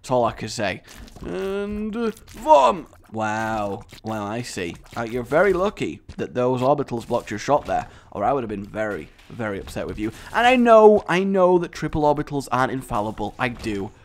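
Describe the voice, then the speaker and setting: Animated young man commenting a game. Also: on the low side, a little fast, hardly any pauses. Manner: jokey, rambling, breaks into silly accents. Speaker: gaming commentator. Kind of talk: let's play commentary.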